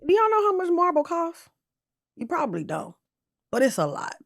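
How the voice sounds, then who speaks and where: A woman's voice: very high voice, huge pitch swings, normal speed, creaky. A tipsy woman hosting a casual pop culture gossip show, talking bluntly and sassily to her viewers and swearing freely. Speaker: pop culture commentary host.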